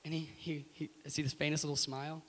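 Bright-voiced animated American man. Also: fairly high pitch, fast. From United States. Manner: animated, emphatic, laughs through his story. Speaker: guest. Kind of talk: animated storytelling in an interview. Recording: echoey room with faint hiss.

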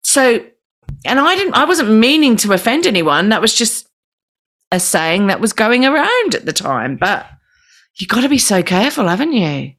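A woman's voice: on the high side, sing-song, moderate pace, a bit bright. A woman from the UK hosting a podcast in casual, chatty talk, often tagging "right?" onto her sentences. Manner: chatty, frequent tag questions. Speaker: podcast host. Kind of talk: casual chat.

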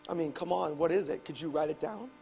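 High-voiced pastor preaching with animated stories. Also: male voice, fast, vocal fry, dull audio, slight background noise. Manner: animated storytelling, shouts on key points. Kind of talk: sermon. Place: church.

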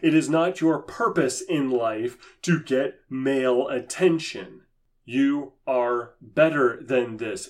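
A man's voice: mid-range voice, a little mellow. A man giving impassioned religious commentary, sarcastic and emphatic in a preachy manner. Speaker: Christian commentator.

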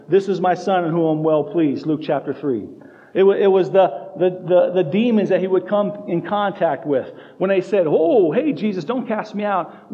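A man's voice: high voice, darkish tone. A man preaching a sermon as pastor, emphatic, repeating key phrases and restarting his sentences. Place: church sanctuary. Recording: dull sound with long hall reverb.

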